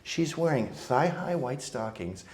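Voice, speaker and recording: Speaking a little slowly in a medium pitch, this Canadian man appears as a guest and shares comic, crude stories, animatedly mimicking the voices of the people he describes.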